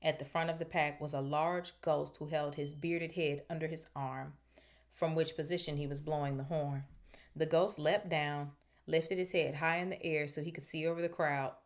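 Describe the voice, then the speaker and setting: Low-voiced woman reading aloud, chatty asides. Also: level tone, normal speed. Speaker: podcast host reading aloud. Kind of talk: book reading with casual commentary.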